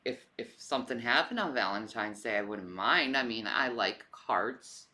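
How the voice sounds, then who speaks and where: A woman's voice: very deep voice, moderate pace, sharp tone. A woman in casual, joking chat.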